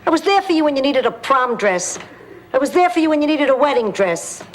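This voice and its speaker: A woman's voice: high voice, very animated, a little fast, heavy background noise. Feisty old mother. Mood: blunt. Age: over 80. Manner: blunt, scolding, sarcastic. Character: feisty blunt elderly woman. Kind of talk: sitcom acting. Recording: sitcom track with loud audience laughter.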